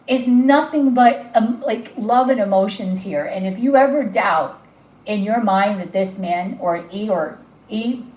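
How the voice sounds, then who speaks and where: A woman's voice: mid-range voice, a little slow, darkish tone, roomy sound, rough recording. A woman giving a live tarot reading, gushing and emotional as she talks straight to the viewer. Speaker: tarot reader.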